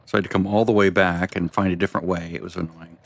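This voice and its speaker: A man's voice: deep voice, flat delivery, quick pace, vocal fry, dry recording. A man streaming a video game, talking through it in rambling, self-deprecating casual commentary.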